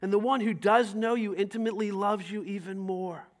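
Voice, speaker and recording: A man preaching a sermon as pastor, telling stories with lively acted-out dialogue and rising to loud emphasis. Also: high voice, fairly quick. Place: church sanctuary.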